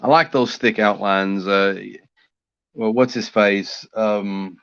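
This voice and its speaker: His voice is on the low side yet fairly bright and smooth, steady in tone and slow in pace. While drawing on stream, he chats and rambles easygoingly to himself; the sound is dry, dull, and lo-fi.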